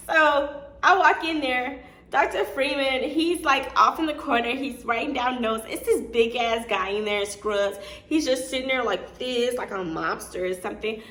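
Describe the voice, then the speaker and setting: A woman's voice: a little high, lively intonation, a little slow, bright, forceful tone. A young adult woman vlogger casually telling a candid story, chatty and full of fillers and laughter. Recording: echoey room with faint noise.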